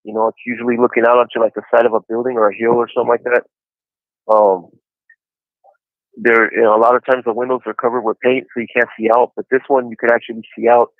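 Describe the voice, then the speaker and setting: A man's voice: medium pitch, flat delivery, quick pace, no room sound. Guy in his 40s calling in from prison on a tinny phone line, laid back, lots of you knows, dry sound. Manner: easygoing storyteller, many "you know" fillers. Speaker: incarcerated caller on a podcast. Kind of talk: casual phone chat. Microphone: phone handset.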